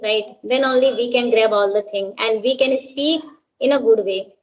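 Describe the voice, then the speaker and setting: A woman with an Indian English accent chats casually as an English teacher. Her voice sits high, and she keeps ending sentences with "right?". The recording sounds dull and lo-fi. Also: moderate pace. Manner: frequent tag "right?". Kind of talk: casual conversation practice.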